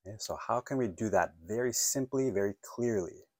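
A man's voice: fairly low pitch, fairly quick, dry recording, studio quality. A man teaching a phone-English lesson, encouraging and checking in often with "okay?" and "right?".

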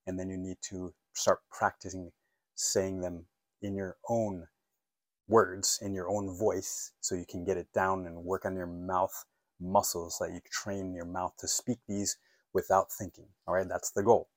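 Male English teacher, middle-aged, low voice, dry close mic, patient and encouraging, has learners repeat phrases. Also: flat delivery, a little slow, no echo. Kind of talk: online language lesson.

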